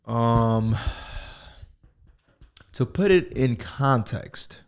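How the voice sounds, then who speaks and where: A man's voice: medium pitch, expressive, very slow, clean tone. An American man hosting a solo podcast from home, talking alone into a microphone in a rambling, profane, joking way. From United States. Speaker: podcast host. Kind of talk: casual solo podcast monologue.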